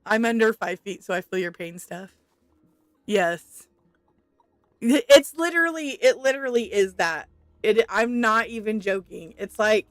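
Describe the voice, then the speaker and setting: A woman's voice: medium pitch, dry recording. A woman streaming a farming game, chatting casually with viewers, reading their messages aloud and laughing often.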